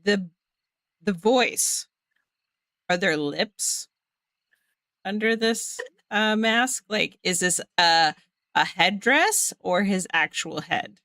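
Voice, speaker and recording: A tabletop game player asking curious questions. The voice is bright and forceful, recorded dry and close. The pitch is middling. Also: animated, slow pace, long pauses, no echo.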